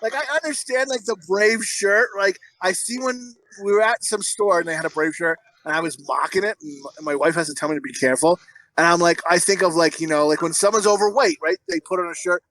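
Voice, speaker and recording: A man's voice: high voice, steady tone, a little fast, a bit bright, dry recording, low-quality recording. A man co-hosting a podcast, telling rambling stories and teasing his friends with crude, profane jokes. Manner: rambling storyteller. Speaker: podcast co-host. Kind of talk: casual chat.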